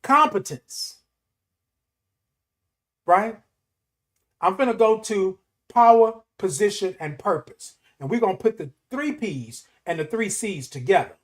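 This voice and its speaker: A man with a notably high voice delivers a motivational morning talk. He presses his points home with emphatic repetition and a preaching rhythm. He sounds middle-aged and speaks as the show's host. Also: lively intonation, unhurried.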